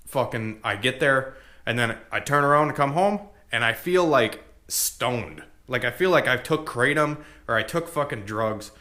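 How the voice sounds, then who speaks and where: Bright-voiced man rambling candidly. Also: mid-range voice, lively intonation, normal speed. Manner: candid, heavy swearing, many fillers. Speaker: vlogger. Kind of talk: casual rambling monologue.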